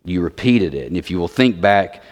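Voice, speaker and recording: Guy preaching a sermon, lowish voice, big echoey hall, leans on repeated words. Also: lively intonation, normal speed, darkish tone. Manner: emphatic, repeats words for stress. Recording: long reverb of a large hall.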